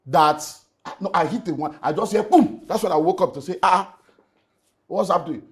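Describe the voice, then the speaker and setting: A middle-aged Nigerian pastor and relationship speaker, his voice pitched high and his pace normal, gives an emotional personal testimony in an interview. The telling is lively, peppered with Nigerian Pidgin, and moves from loud outbursts to hushed tones.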